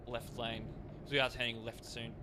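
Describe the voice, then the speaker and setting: A man's voice: mid-range voice, level tone, normal speed, heavy background noise. A man live-streaming a driving game, chatting casually with viewers and reading their messages aloud between frequent fillers.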